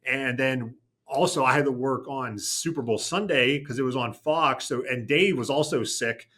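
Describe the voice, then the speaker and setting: Bright-sounding guy rambling thru a story, lots of uhs and restarts. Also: mid-range voice, normal speed. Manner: rambling, self-correcting storytelling. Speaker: TV news anchor. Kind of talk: casual chat.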